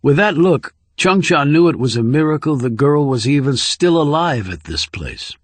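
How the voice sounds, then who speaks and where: A man narrating a thriller audiobook in a measured, steady storytelling voice on a close studio microphone. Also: fairly high pitch, no room sound.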